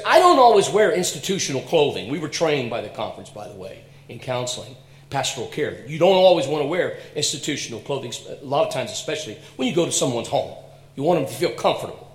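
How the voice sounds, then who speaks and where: A man's voice: mid-range voice, very animated, fast. Earnest man pastor, roomy sound. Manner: earnest, swinging between hushed and loud. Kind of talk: heartfelt storytelling. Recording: roomy sound with faint hum.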